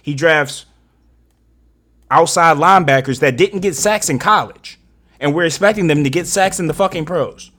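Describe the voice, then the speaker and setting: A man's voice: a little high, lively intonation, moderate pace. A man co-hosting a sports talk show, ranting angrily and profanely about his team's coaching and drafting. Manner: angry, profane ranting, rising to shouts. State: fired up and frustrated. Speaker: sports podcast co-host. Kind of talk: heated casual sports rant.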